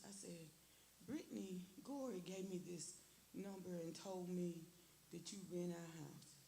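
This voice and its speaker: A woman testifies before a church congregation, her voice gravelly and earnest, circling back over her own words. The sound carries the echo of a big sanctuary, with a faint hiss underneath. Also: lowish voice. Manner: earnest, repeats phrases, quotes herself and her prayers. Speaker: church member giving testimony. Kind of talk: emotional personal testimony in church.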